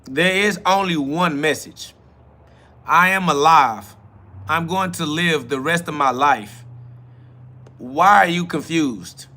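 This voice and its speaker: A man's voice: a little high, takes it slowly, pushed and bright. A man hosting a live-stream podcast, reading out chat comments and answering them in a confrontational, profane, mocking way. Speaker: livestream podcast host.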